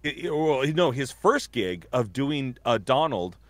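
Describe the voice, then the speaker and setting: A man's voice: medium pitch, sing-song, unhurried, no echo. A man who works as a voice actor telling stories in casual chat, rambling with many fillers and restarts. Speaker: voice actor guest.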